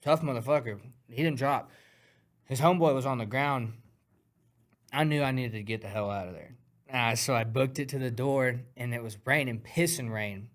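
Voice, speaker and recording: A man guest on a talk podcast, telling a story in an animated, profane way, acting out punches with sound words. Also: mid-range voice, moderate pace. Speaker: guest fighter.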